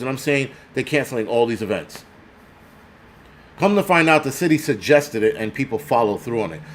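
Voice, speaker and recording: Speaking at a mid-range pitch, an older prepper-channel host in New York City unleashes a furious vlog rant. Expect plenty of cursing, sarcastic jabs, and mocking impressions of other people.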